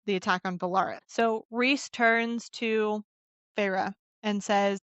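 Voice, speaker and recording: A woman's voice: medium pitch, steady tone, slow, fairly bright tone, clean tone, no room sound, highs cut off. A woman hosting a podcast, recapping a book chapter in casual chat and musing aloud with open questions. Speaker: podcast host.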